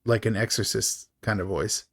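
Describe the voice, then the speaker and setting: A man hosting a casual movie review podcast, chatty and quick to laugh, with many fillers. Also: lowish voice, steady tone. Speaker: podcast host.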